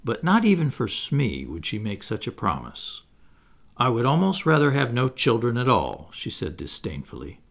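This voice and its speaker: A male narrator reading a classic storybook aloud. His voice has a gravelly texture and moves through a wide, lively range, and his delivery is measured and expressive throughout. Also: on the low side. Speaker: audiobook narrator.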